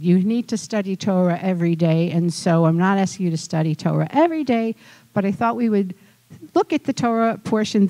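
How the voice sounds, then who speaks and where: A woman's voice: medium pitch, dark tone. A woman rabbi teaching a Torah portion in an informal, conversational way, coaxing the group to take part.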